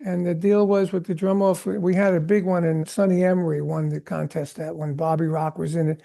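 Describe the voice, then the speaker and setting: An older man, a veteran drummer, telling animated stories in a podcast interview and acting out the voices of the people he quotes. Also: fairly high pitch, fairly quick, vocal fry. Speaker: guest drummer.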